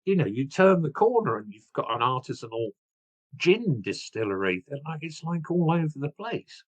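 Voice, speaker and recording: A man's voice: on the high side, very animated, normal speed, no echo, dull audio. A man, an author telling history stories with enthusiasm, often restarting and going off on side paths. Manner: enthusiastic, digressive, frequent restarts. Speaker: author and guest. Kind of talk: storytelling history talk.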